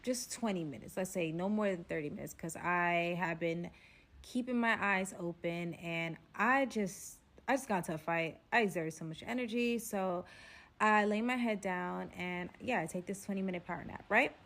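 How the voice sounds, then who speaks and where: Animated young woman telling a story. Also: fairly low pitch, moderate pace. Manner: animated, dramatic, acts out quotes. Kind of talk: storytime vlog.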